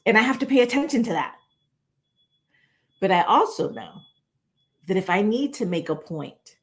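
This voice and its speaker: Lively woman coaching on camera. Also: mid-range voice. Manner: animated, conversational, tag questions like "right?". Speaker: presentation coach. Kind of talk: casual video lesson. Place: indoor room, moving between standing and seated. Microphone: on-camera recording.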